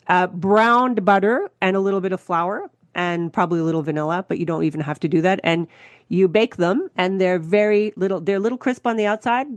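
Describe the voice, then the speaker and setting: A woman co-hosting a podcast in casual chat, telling animated stories and breaking in often to agree. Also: fairly low pitch, no echo. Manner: animated storyteller, quick agreeing interjections. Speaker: podcast co-host, food writer.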